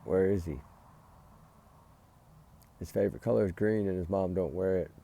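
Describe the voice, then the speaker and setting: A man's voice: low-pitched, normal speed, gravelly, warm tone, slight background noise. A man giving heated, emphatic casual commentary as a vlogger, recorded outdoors by a fire at night. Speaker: true-crime vlogger.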